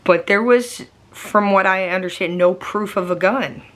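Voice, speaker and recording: A woman's voice: medium pitch, unhurried. A woman vlogger chatting casually to camera at home, rambling with lots of fillers while getting over a migraine. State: recovering from a migraine.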